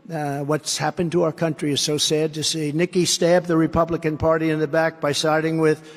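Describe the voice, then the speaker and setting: A man giving a campaign rally speech as a political candidate, emphatic and repetitive, with rambling asides. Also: a little high. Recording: long hall reverb.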